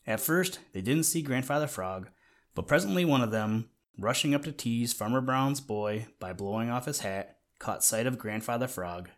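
A man reading a children's storybook aloud in a gentle way, talking to the listener now and then. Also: medium pitch, moderate pace. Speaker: narrator.

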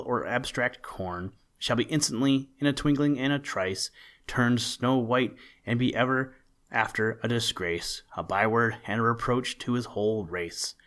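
A man voicing a jolly, brisk old Santa Claus in a storybook, with a hearty, commanding manner. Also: medium pitch, a bit bright, natural voice.

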